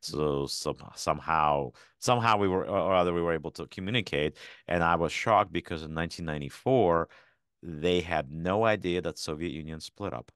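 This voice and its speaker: A man in his forties, originally from Ukraine, speaks as a podcast guest. His voice sits extremely low and the recording is dry and close. He tells his stories casually, often restarting his sentences. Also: normal speed, a bit bright, clean tone, dry recording. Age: 40s. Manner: storytelling with frequent restarts. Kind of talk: casual interview conversation.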